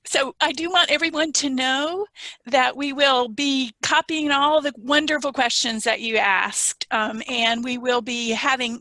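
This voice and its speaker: A woman's voice: a little high, sharp tone, dry recording. A woman hosting a webinar over a video call, giving thankful, emotional closing remarks and announcements. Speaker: webinar host.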